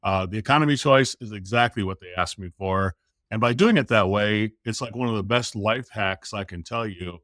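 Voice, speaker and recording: As a guest on a podcast, a middle-aged man relates a story in a relaxed way, animatedly voicing the quotes in it. He speaks at a normal speed in a lowish voice. Clean studio sound, no room noise.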